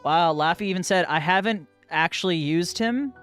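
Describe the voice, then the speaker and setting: A game master bantering with players before a tabletop game, excitable, teasing and swearing freely. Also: mid-range voice, normal speed, faint music behind.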